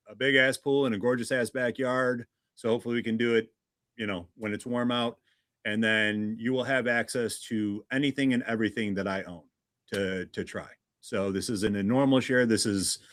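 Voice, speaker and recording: Low-voiced man hosting a casual livestream. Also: a bit bright, no echo. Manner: chatty, greets viewers one by one. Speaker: livestream host.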